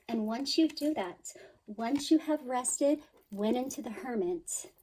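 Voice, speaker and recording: A woman giving a spiritual tarot reading in a slow, unhurried voice. Her tone is mellow and dark, set a little high, and she speaks in an emphatic, soothing way, sighing now and then. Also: expressive, a little hiss or hum, poor audio. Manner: emphatic, soothing, with sighs and mock-quoted worries. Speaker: tarot reader.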